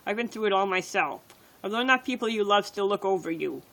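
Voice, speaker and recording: A woman's voice: medium pitch, lively intonation, a little fast, a bit bright, low-quality recording. A woman reading her own poems on a livestream, in plain and earnest short sentences.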